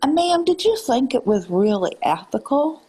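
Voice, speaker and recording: Her voice sits high with big swings in pitch as she scolds live-stream viewers at a moderate pace, using a put-on Southern drawl and calling them ma'am and darling. The tone is dark, she often falls into breathy half-whispers, and the recording quality is low.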